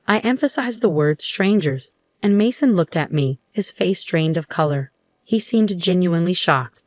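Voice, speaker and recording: Calm woman reading a first-person story, even pace, kinda low, dry no room sound. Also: moderate pace, no room sound. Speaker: narrator.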